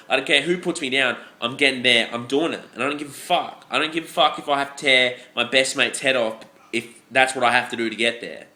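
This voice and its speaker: A man's voice: mid-range voice, sharp tone. A young Australian man ranting into the camera, blunt and heavily profane, rambling with many restarts and "you know" asides. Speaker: fitness vlogger. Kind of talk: ranting vlog monologue. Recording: echoey room.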